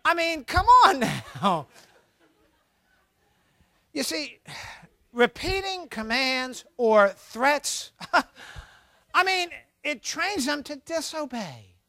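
A middle-aged man giving a humorous sermon on parenting, animated and acting out scolding parents for laughs. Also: extremely high pitch, extremely slow, long pauses, no echo.

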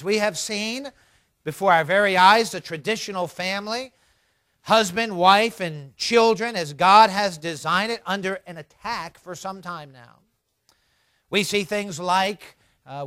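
A man preaching a sermon as pastor, telling a story in a measured, earnest way. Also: high-pitched, pushed and bright, clear, resonant tone, no echo.

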